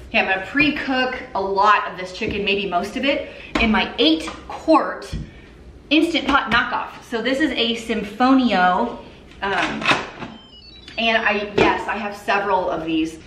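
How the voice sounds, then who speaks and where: A mother in her thirties with a medium-pitched voice cooks in her home kitchen and talks to viewers in a chatty, upbeat cook-along. The room sounds echoey, and there is background noise.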